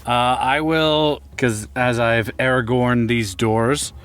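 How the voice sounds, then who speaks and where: A man's voice: mid-range voice, steady tone, slow pace, a bit bright, clear, resonant tone, faint music behind. A man playing a tabletop game, talking casually and laughing often. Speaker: player.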